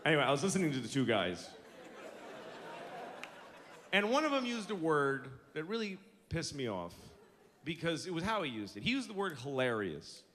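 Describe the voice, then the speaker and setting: A male comedian ranting sarcastically and profanely, climbing into mock outrage. His voice sits a bit high and swings widely in pitch. An audience laughs throughout a noisy live recording. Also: sing-song, moderate pace, long pauses, a bit bright, some chatter behind. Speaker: stand-up comedian. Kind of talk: stand-up comedy rant.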